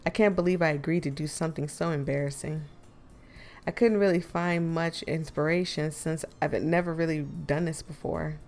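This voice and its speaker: A woman's voice: sits low, fairly even intonation, normal speed, darkish tone. A woman narrating a visual novel playthrough with wry, teasing asides. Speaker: gaming YouTuber.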